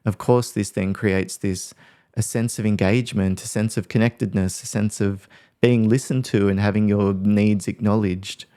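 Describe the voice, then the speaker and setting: Low-voiced man explaining casually. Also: steady tone, normal speed, warm tone, clean tone. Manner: conversational, thinks aloud, acts out example phrases. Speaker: workplace mediator and trainer.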